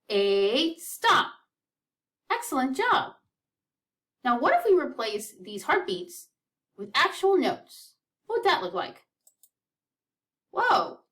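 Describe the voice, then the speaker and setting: A woman's voice: on the high side, a bit bright, far from the mic. A woman teaching a children's music lesson, counting beats aloud in an upbeat, encouraging way.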